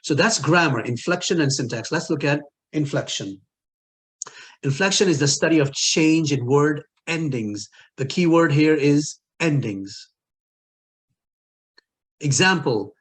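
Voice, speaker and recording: A man's voice: a little high, lively intonation, a little slow, fairly bright tone, slightly rough. A man teaching an Arabic linguistics lesson, explaining patiently, repeating key words and asking the listener questions. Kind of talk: recorded lecture.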